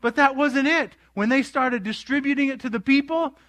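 A man's voice: very high-pitched, normal speed. A male pastor preaching a sermon, retelling scenes with quoted voices and questions to his listeners. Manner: animated storytelling with quoted voices, asking the congregation.

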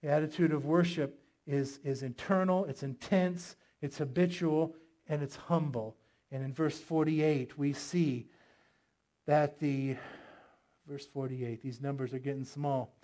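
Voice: medium pitch, steady tone, measured pace, dark tone. A pastor preaching a sermon with emphatic delivery, asking the congregation rhetorical questions.

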